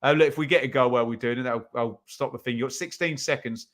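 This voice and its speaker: A man's voice: medium pitch, quick pace, a bit bright. Chatty man hosting a live stream. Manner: chatty, reads out chat comments, many ums. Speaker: watch-along stream host. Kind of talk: live football watch-along chat and commentary.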